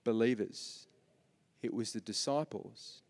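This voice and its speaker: A man with an Australian accent preaching a sermon as pastor, animated, swinging from soft asides to loud repeated lines. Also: mid-range voice, slow pace. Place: large church hall. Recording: long reverb of a church hall.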